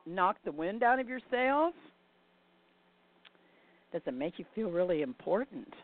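An older woman telling a reflective story and posing rhetorical questions to the listener. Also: on the low side. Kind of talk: reflective spoken monologue. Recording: dry, tinny phone-like sound.

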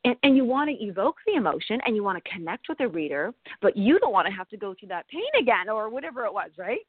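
A middle-aged woman talks animatedly as a guest, laughing often between thoughts. Her voice sits in an ordinary middle pitch and arrives dry, squeezed through a thin phone-like line. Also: very animated, fast, breathy edge, no room sound. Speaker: interview guest, author and nutritionist. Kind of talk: casual interview conversation.

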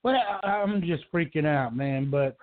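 Male caller, halting and rambling, pitched a bit high, heard over a thin phone line. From Georgia, US. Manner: rambling, halting, many restarts. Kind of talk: emotional call-in talk. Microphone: telephone.

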